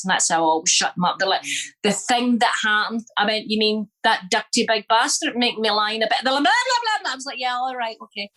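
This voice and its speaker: A middle-aged woman with a Scottish accent, a guest telling stories in an interview in a blunt, sweary, animated way, acting out the people she quotes. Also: medium pitch. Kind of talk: candid conversational storytelling.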